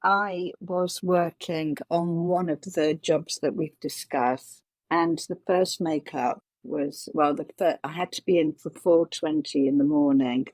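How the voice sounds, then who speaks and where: A woman's voice: low voice, steady tone, unhurried, darkish tone, dry recording. Earnest woman telling a long story. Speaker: makeup designer, guest. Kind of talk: conversational interview answers.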